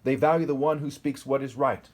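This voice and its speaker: A man's voice: medium pitch, steady tone, brisk. A man in his forties recording a solo video monologue, reading scripture and commenting on it in a combative, ranting, insulting way, often breaking off with "okay?". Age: 40s. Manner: preachy, keeps asking "okay?". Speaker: self-styled preacher.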